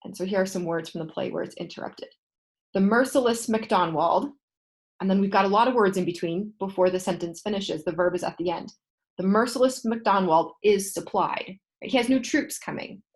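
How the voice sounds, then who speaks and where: A woman teaching a class, reading a textbook passage aloud and explaining it in steady, patient asides. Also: on the low side, fast, few pauses.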